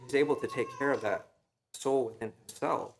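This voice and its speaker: Young male preacher, mid-pitched, casual sermon delivery with lots of fillers. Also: fairly quick, vocal fry, a little hiss or hum. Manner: casual, storytelling, frequent fillers and "right?". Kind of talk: conversational sermon. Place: church sanctuary.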